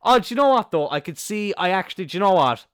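A young man with an Irish accent telling a rambling story in a casual monologue, swearing freely and bursting into excited laughter. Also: high-pitched, quick pace, smooth, dry recording, clean studio sound. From Ireland. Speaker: podcast host.

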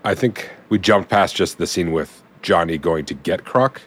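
A man co-hosting a casual podcast chat, joking with quick asides. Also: deep voice, expressive. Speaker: podcast co-host.

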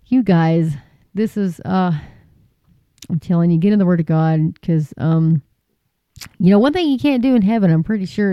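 Rambling, folksy faith vlogger, smooth voice. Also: mid-range voice, no echo, muffled recording. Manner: rambling and folksy, many fillers, preachy. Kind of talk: casual chat to camera.

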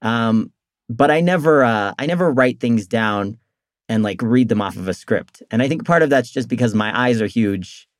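A man's voice: mid-range voice, lively intonation, normal speed, no room sound, clean studio sound. A man who is a comedy guest on a podcast, rambling in casual chat and laughing often.

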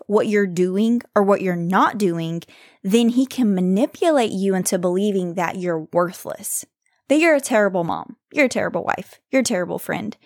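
A woman hosting a faith podcast, speaking earnestly and reassuringly, slowing down to stress scripture. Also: medium pitch, dry recording, studio quality. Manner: earnest, reassuring, reads scripture slowly with emphasis. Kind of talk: devotional encouragement talk.

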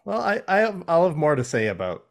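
A man's voice: a little high, very animated, brisk, creaky. A man co-hosting a podcast, musing on story details with wry asides. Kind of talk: casual chat.

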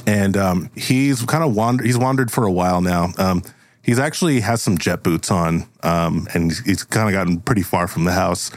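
A man's voice: low voice, normal speed, dry recording. A man hosting a comedy podcast who narrates an improvised story in a rambling way, with lots of fillers. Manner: rambling, full of fillers and laughs. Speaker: host and storyteller.

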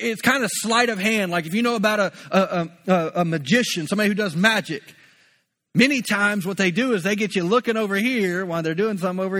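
A man's voice: high-pitched, a bit bright. A male pastor preaching a conversational sermon, often repeating words as he builds a point.

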